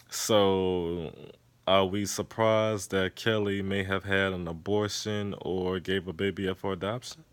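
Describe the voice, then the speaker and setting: A man with a low-pitched voice sits on a couch and recaps a TV episode in loose, rambling commentary. He swears freely and jumps into quick voiced quotes of the characters. The sound is close and dry, with no room echo. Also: clear, resonant tone. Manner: profane, animated retelling with voiced quotes of characters. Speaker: TV episode reviewer. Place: sitting on a couch indoors.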